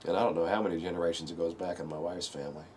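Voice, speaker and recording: A man's voice: deep voice, steady tone, very fast, a little mellow, a little hiss or hum. A middle-aged man telling a painful personal story in a rambling way, often saying "you know" and straining not to break down. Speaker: video speaker sharing a personal story. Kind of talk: emotional personal monologue.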